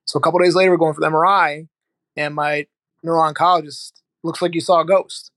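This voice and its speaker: A man's voice: on the high side, brisk, no room sound. A middle-aged man from Ohio, a guest telling his story frankly and vividly, with some swearing. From Ohio, United States. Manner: candid, animated storyteller, swears freely. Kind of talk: casual storytelling interview.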